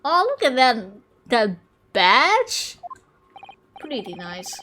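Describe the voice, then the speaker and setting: A young woman streaming a game, reading lines aloud and reacting with excited squeals and swearing. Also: fairly high pitch, very slow, slight background noise.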